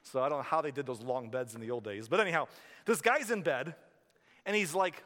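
A male pastor preaching a sermon in a church, conversational and animated, telling stories with asides. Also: a little high, fairly quick. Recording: reverberant hall.

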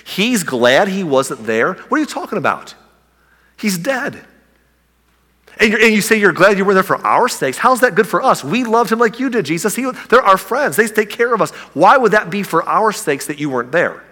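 Man doing incredulous disciples: high, bright, pleading questions, with a big hall echo behind them. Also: sing-song, fairly quick, heavily acted. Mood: exasperated. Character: bewildered male disciples questioning their teacher.

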